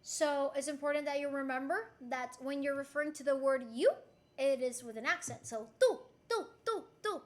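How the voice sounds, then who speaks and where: In a casual stream, a young woman who is a native Spanish speaker gives a playful pretend Spanish lesson. Her voice sits high as she giggles and slowly repeats words the way a teacher would.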